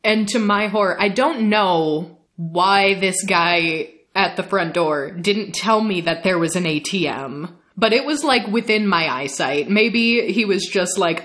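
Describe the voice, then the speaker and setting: A woman telling a story on a casual podcast, with a middle-pitched voice. She laughs often and acts out each exchange, bouncing between her own lines and the other people's. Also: unhurried, a bit bright. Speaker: podcast co-host.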